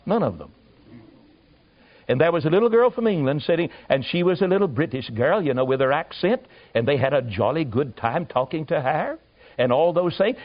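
A man preaching, telling a folksy, animated story with asides to his listeners. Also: fairly high pitch. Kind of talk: storytelling sermon. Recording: muffled lo-fi recording.

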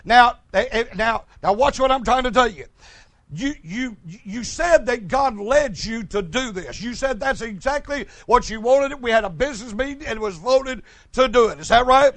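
A man preaching a fiery sermon, asking "is that right" over and over and breaking into shouts. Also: very high-pitched, animated, normal speed, no echo. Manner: rhythmic, repeats "Is that right?", bursts into shouts.

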